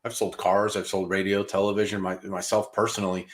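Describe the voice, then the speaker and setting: A man's voice: deep voice, flat delivery. A man hosting a business podcast, talking casually, often restarting and stumbling before his point lands. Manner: halting, with repeated restarts and fillers. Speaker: podcast host.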